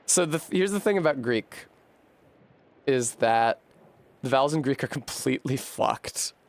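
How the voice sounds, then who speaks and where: A man's voice: mid-range voice, lively intonation, unhurried. A man streaming a video game, chatting casually, thinking aloud as he sounds out foreign words and swearing freely. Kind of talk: casual live-stream gaming commentary.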